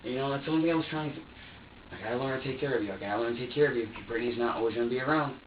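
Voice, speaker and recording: A man's voice: medium pitch, very fast, slight background noise. Rambling man in an echoey interrogation room. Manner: rambling, repeats himself, acts out what he said. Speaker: suspect being questioned. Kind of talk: police interrogation. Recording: echoey, distant, dull lo-fi room recording.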